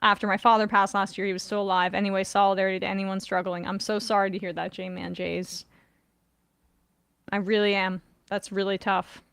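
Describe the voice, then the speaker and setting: A woman's voice: mid-range voice, little pitch movement, gravelly, a bit bright, smooth, no room sound. A woman hosting a sports podcast, chatting casually and reading listener messages, her voice a little worn. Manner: conversational, quick when reading aloud. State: slightly losing her voice. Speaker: podcast host.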